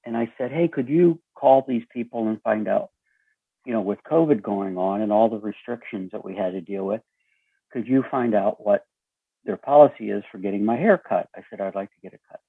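A man with a raspy voice telling a story as an interview guest, acting out the dialogue with lively shifts. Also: fairly low pitch, fairly quick, no echo. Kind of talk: storytelling conversation. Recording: tinny phone line.

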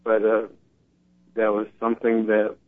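A man talking earnestly in a casual conversation, telling animated stories and quoting other people, heard over a phone call. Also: fairly low pitch, unhurried. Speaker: guest. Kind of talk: casual talk show conversation. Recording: tinny phone-line sound.

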